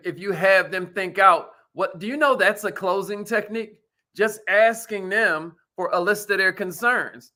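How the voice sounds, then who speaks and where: Man, high voice, very bright and sharp, energetic motivational host, slangy, preachy. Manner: energetic, preachy, rhetorical questions to listeners; casual slangy speech. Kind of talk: motivational business talk.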